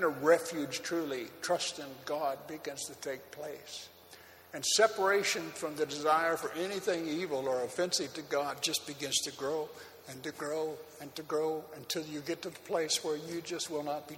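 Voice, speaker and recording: A man preaching from the pulpit with a high, bright, forceful voice that rings through a large hall. He tells his story loosely and animatedly, with a faint room hum behind him. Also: normal speed. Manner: animated storytelling with frequent laughter and fillers. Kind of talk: sermon with personal testimony. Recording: long hall reverb, faint background ambience.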